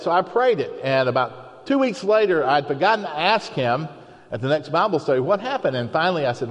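A man's voice: on the high side, big pitch swings, fairly quick. A man preaching a sermon in a conversational, storytelling way, acting out the people he quotes. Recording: long hall reverb.

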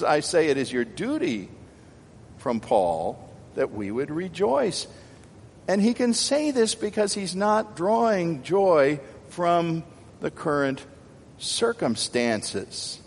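Emphatic older male preacher in a hall. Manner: emphatic preaching, swinging from loud exhortation to quiet asides. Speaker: pastor. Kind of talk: sermon. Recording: hall reverb with faint room rumble.

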